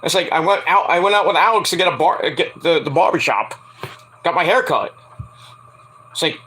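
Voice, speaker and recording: A young man chats loosely through a wrestling review, cursing freely and breaking into high put-on voices when he quotes people. His voice is bright and forceful, and his pitch leaps up and down with a lively swing. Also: moderate pace, long pauses, breathy edge. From Antiguan and Jamaican family. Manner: rambling, profane, acts out quotes in high voices. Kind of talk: casual solo review chat.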